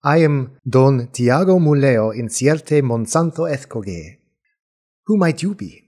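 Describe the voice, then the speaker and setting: A man voicing a formal, ceremonious male host who greets strangers slowly and grandly. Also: mid-range voice, expressive, darkish tone. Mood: courtly. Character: courtly formal male harbor-town host.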